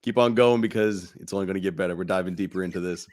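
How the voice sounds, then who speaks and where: Blunt low-voiced male podcast co-host. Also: very fast, a little mellow. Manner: blunt, profane, laughs often. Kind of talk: casual podcast chat.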